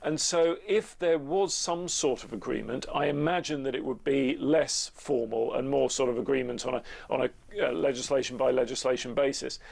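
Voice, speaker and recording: A man speaking as a polling analyst guest, measured and speculative, with hesitant restarts. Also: medium pitch, vocal fry, darkish tone. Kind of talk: expert interview.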